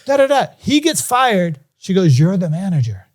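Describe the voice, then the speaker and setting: A man whose voice sits high speaks at a normal speed while guesting on a podcast. Telling a story in a casual manner, he gets animated and does the voices of its characters.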